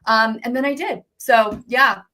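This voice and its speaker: Woman coach on a podcast, lively storyteller, lots of "like", acts out the dialogue. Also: on the high side, a little slow. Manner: animated, acts out quoted dialogue, many "like"s. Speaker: guest, business coach. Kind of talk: casual interview storytelling.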